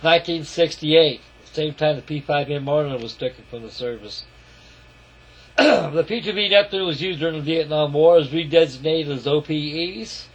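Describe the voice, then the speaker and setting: Calling his viewers folks, a man rambles casually through a tour of his scale model. His voice is slightly high and moves at a moderate pace, and the camera audio is lo-fi.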